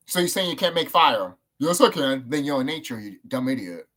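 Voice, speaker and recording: A man rambling casually to the camera, swearing often and jumping up in pitch when he gets excited. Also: a little fast. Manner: rambling, profane, excitable, with sudden jumps up in pitch. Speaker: video creator. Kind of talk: casual monologue.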